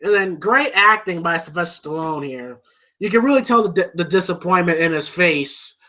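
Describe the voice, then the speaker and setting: A man chatting casually about a film, retelling the scenes with amusement and lots of filler. His voice sits high and sounds bright, heard on a dull, lo-fi recording. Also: lively intonation, normal speed. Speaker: movie reviewer. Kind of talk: casual movie review.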